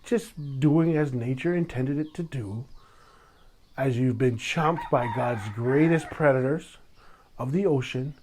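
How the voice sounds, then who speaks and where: A man from Hawaii hosting a solo podcast, talking at an ordinary middle pitch. He rambles through his stories and turns dramatic, breaking into sudden loud bursts. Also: unhurried, slight background noise. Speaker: podcast host. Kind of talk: solo casual podcast talk.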